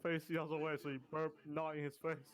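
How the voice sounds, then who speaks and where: A man at a tabletop session, voice slightly raised in pitch, quick to jump in with a joke. A clear crowd murmur runs underneath. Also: monotone. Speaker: player. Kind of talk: casual tabletop play.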